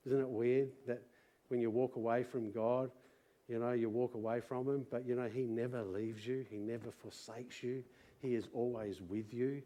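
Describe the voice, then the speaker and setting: A middle-aged Australian man preaching to a church congregation, moving from quiet personal testimony to loud rallying calls. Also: medium pitch. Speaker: pastor. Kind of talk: sermon testimony. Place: church service.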